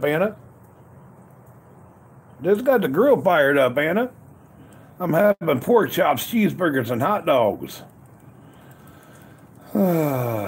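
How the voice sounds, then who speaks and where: A man with a fairly high, darkish, slightly rough voice hosts a casual livestream outdoors at a grill in cold weather. He keeps greeting chat viewers by name, repeating upbeat catchphrases.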